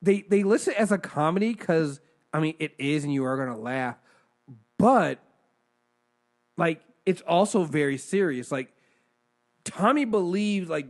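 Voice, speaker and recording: A man co-hosting a casual movie review chat, excitable, swearing freely and restarting sentences. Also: on the high side. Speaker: podcast co-host reviewing films.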